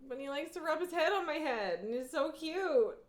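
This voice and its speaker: A woman's voice: sits high, lively intonation, normal speed. A woman streaming a game from home, chatting casually, laughing often and cooing to her cat. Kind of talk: casual live-stream chat while gaming. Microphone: headphones on, desk setup.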